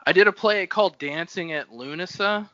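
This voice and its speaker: A man chats casually about a book with friends, animated and ready to jump into playful voices. His tone is bright and forward, recorded dry and close. The audio is slightly dull and lo-fi. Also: sits high, no echo. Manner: animated, does quick character voices. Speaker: podcast co-host. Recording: dull lo-fi sound.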